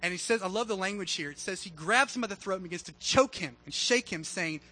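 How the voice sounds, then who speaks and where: A man's voice: high voice, fast talker, bright, forceful tone, low-quality recording. A man preaching a sermon in a casual, conversational way, mixing humor into his teaching. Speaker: pastor.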